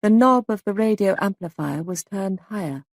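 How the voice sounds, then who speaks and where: A woman narrating a mystery story as an audiobook reading, in a measured, even manner. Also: mid-range voice, dry recording, clean studio sound.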